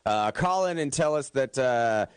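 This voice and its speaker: A man's voice: medium pitch, expressive, unhurried, clean tone, no room sound. A man hosting a morning radio talk show in a joking, rambling way with plenty of fillers. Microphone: studio microphone.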